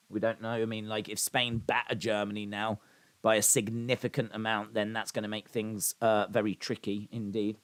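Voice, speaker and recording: Live-stream host, man, average pitch, conversational and rambling as he reads out comments. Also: fairly bright tone. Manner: reads viewer comments aloud and responds conversationally; chatty with frequent fillers and repeated phrases. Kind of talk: live watch-along chat reading.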